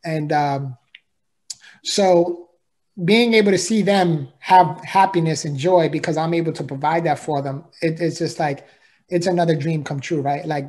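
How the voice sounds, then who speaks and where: A man's voice: on the high side, normal speed, a little mellow. Earnest man telling a heartfelt story. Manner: earnest, heartfelt, with frequent repetitions and "right?". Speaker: podcast guest. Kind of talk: emotional personal storytelling.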